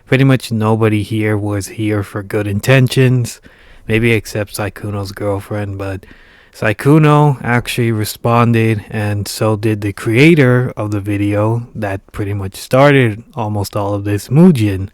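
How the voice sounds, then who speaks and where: Raspy wry man commenting casually. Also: on the low side, unhurried, no echo, clean studio sound. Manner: wry, joking asides. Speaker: commentary video host.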